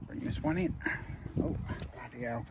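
Brief: chatty man angler, excited commentary outdoors, noisy outdoor recording. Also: medium pitch, normal speed. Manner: excitable, chatty, addresses viewers as guys. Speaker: fishing vlogger. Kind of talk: casual commentary while fishing. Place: outdoors by a lake. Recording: loud outdoor noise.

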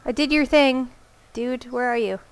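A woman's voice: sits high, normal speed, smooth. A woman giving let's play commentary as she plays, reacting aloud, exclaiming and muttering to herself. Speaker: gamer.

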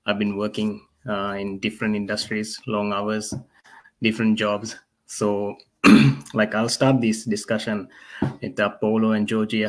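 A soft-spoken man from Sri Lanka speaks as a guest on an online live chat. His voice is lowish and flat in tone, unhurried and even. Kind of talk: casual online talk.

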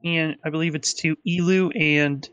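Guy running a tabletop game, kinda high voice, super dry close mic, lots of ums and likes. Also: moderate pace, clear, resonant tone, dry recording, muffled recording. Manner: rambling, animated narration with many fillers. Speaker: game master.

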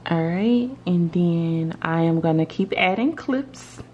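A woman's voice: lowish voice, lively intonation, takes it slowly, highs cut off. A woman casually explaining steps in an app tutorial, often checking in with her viewers. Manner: chatty, checks in with viewers with "okay?". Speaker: tutorial vlogger.

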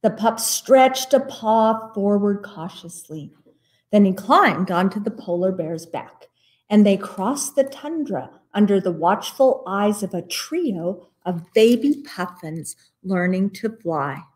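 A woman librarian reading a children's picture book aloud at story time, in an expressive read-aloud manner. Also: mid-range voice, slow.

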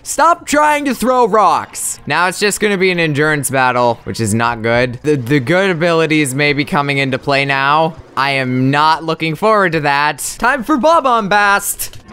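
A man giving chatty, excitable, self-mocking commentary while playing a video game. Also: on the high side, normal speed, smooth, soft background music. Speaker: let's play host. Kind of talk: gameplay commentary.

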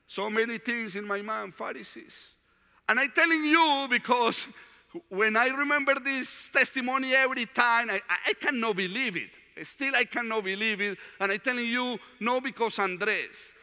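Guy preaching a testimony in a big hall, high bright voice, long echo. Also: a little slow, smooth. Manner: heartfelt storytelling, plain non-native English. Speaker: retreat speaker. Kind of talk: testimony talk.

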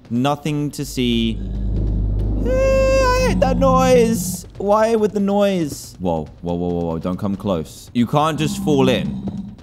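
A young man chatters through his gameplay in an everyday mid-range voice, jumping from calm play-by-play to startled yelps. Faint game music plays softly behind him. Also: medium pitch. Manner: excitable, jumpy, talks to himself and viewers. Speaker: gaming YouTuber. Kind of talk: Let's Play commentary.

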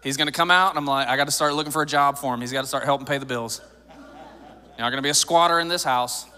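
A man's voice: medium pitch, fast, bright, forceful tone, in a large hall. A man in his thirties preaching a sermon in a church, joking and conversational, building to emphatic points. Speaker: pastor. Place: church sanctuary.

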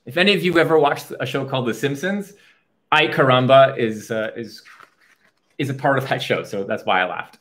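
A man reading a picture book aloud to children, pausing for chatty asides to his young listeners. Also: mid-range voice, fairly bright tone. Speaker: children's storyteller.

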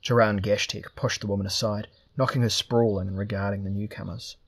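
A man reading a fantasy novel aloud as steady, scripted narration. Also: on the low side, fairly quick, gravelly. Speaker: audiobook reader.

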